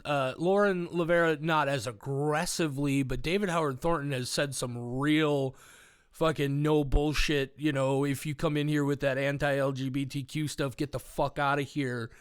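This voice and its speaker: A man co-hosting a horror podcast in casual chat, swearing freely and ranting in an animated way. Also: fairly high pitch, clear, resonant tone, dry recording, studio quality. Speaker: podcast co-host.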